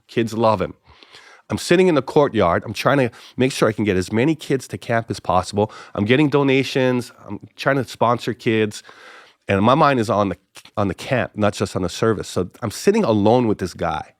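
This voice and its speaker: Animated middle-aged storyteller man. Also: normal speed, no room sound, studio quality. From Big Island of Hawaii. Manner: animated storyteller, acts out conversations with big jumps in pitch. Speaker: pastor, podcast guest. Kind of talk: casual storytelling interview.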